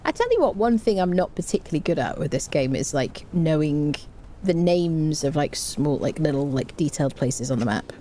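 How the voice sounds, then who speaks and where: A woman's voice: low-pitched, big pitch swings, normal speed, dark tone, a little hiss or hum. A woman streaming a game live, chatting casually with her viewers and humming little tunes to herself.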